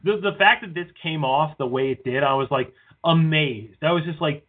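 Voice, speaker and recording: This man's voice sits on the high side and moves at a moderate pace as he co-hosts a rambling podcast chat. He swears a lot and overuses "like", and the recording has a tinny, phone-line quality.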